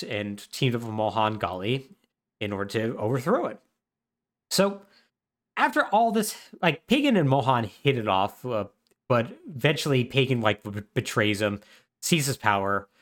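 A man co-hosting a podcast, casually retelling a story with wry humor and lots of fillers. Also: medium pitch. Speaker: podcast co-host. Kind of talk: casual chat recapping a video game plot.

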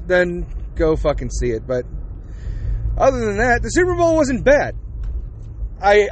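Young male podcast host, high voice, sarcastic profane rant, faint hiss behind. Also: fairly bright tone. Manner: angry, sweary, sarcastic.

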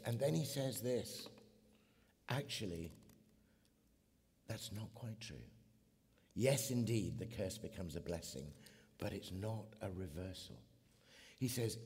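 A middle-aged man from England giving an animated sermon as a guest preacher, building to emphatic peaks. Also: mid-range voice, creaky, slightly rough. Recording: long hall reverb.

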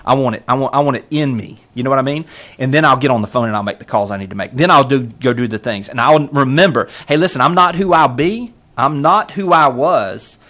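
A man's voice: medium pitch, fast. A man with a Southern US accent, talking earnestly and with feeling as a podcast guest, full of fillers and pep-talk lines. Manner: earnest, animated storyteller with many fillers. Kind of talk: casual interview chat.

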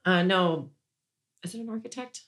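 A woman's voice: on the low side, moderate pace, a bit bright. Woman, business owner, interview guest; loose rambling storyteller, indignant undertone. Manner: rambling, frequent "like" and restarts, indignant.

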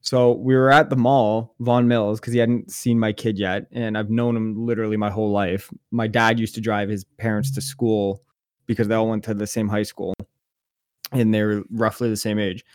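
A man, co-hosting a podcast, telling stories in a jokey, animated way. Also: lowish voice, moderate pace, no echo, clean studio sound. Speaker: podcast co-host. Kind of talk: casual storytelling chat.

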